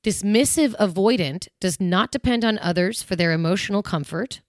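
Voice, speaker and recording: A woman's voice: medium pitch, normal speed, no room sound, clean studio sound. A woman in her thirties hosting a podcast, chatting casually about relationships and laughing easily. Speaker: podcast host.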